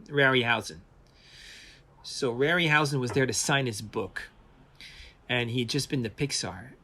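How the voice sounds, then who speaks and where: A man from France, a visual effects artist, telling stories in a casual interview with many restarts and acted-out quotes. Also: medium pitch. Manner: animated storyteller, acts out quoted voices, many restarts.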